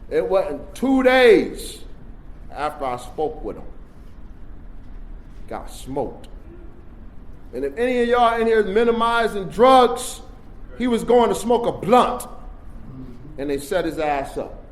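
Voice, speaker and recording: A man telling his recovery story at a workshop, in streetwise storytelling that swings from hushed to loud. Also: high voice, sing-song, slow, pauses often. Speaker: recovery meeting speaker. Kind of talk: personal recovery share at a workshop. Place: convention workshop room.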